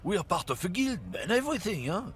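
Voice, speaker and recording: A man voicing a gruff, bigoted middle-aged trucker from a game, swaggering and sneering as he boasts. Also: high voice, big pitch swings, fast talker, a bit bright, pitched above the performer's own voice, exaggerated voice. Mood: boastful. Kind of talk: voicing game dialogue on a livestream.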